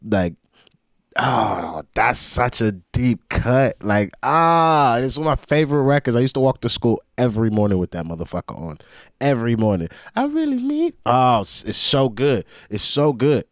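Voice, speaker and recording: A man in his young adult years, hosting a reaction video and picking apart rap lyrics in excitable, profane casual commentary. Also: medium pitch, normal speed, dry recording, studio quality. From United States.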